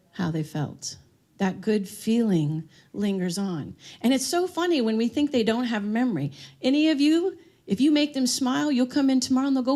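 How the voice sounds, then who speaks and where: A woman whose voice sits high and sounds a little mellow addresses an audience at a live dementia-care seminar. She shares stories and keeps asking the room questions.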